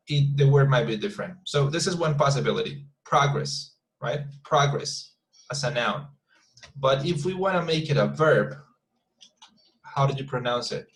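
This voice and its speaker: Male teacher on a video call, mid pitch, halting and repetitive. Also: poor audio. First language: Spanish. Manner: hesitant, many repeated words and fillers. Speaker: English teacher. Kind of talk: online class instruction.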